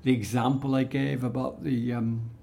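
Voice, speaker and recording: A man's voice: medium pitch, level tone, moderate pace, creaky, mellow. A man teaching a spoken English exam lesson, explaining in a chatty way with many restarts and fillers. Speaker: English speaking-test teacher.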